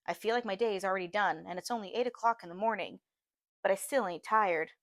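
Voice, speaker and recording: A woman's voice: mid-range voice, fast, no room sound. Woman reading a novel aloud, dry. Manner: steady, earnest storytelling. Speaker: audiobook reader, teacher. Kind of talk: first-person audiobook narration.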